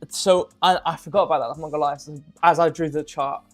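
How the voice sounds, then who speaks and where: Brief: male co-host, quick rambling delivery, a bit high-pitched, faint music. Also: fairly even intonation. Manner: quick, rambling, self-correcting. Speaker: co-host and chart analyst. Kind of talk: casual chat.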